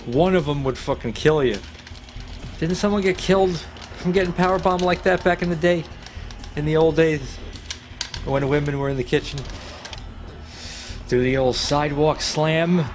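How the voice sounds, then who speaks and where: A man streaming a wrestling video game, reacting loudly and swearing as he plays. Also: on the high side, moderate pace, pauses often, soft background music. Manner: excitable, swearing, trash-talking the game. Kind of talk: profane live gameplay commentary.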